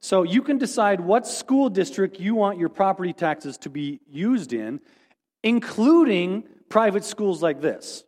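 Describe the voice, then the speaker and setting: A man's voice: high-pitched, big pitch swings, measured pace, a little mellow. A man as pastor, giving a casual, rambling, self-deprecating sermon report. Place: church sanctuary. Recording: long hall reverb.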